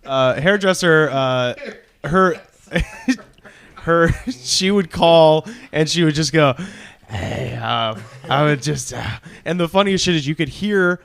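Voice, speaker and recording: A man's voice: a little high, takes it slowly, fairly bright tone. Guy on a podcast telling a long funny story, rambles, laughs along. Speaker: podcast co-host. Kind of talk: casual storytelling.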